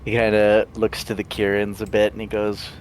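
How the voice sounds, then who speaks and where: A man's voice: fairly low pitch, monotone, moderate pace, darkish tone, a little hiss or hum. A man playing a tabletop role-playing game, laid-back and chuckling often. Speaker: player.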